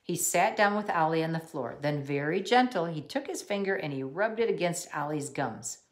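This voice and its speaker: A woman's voice: deep voice, lively intonation, normal speed. A woman teacher cheerfully and expressively reading a children's book aloud to her class.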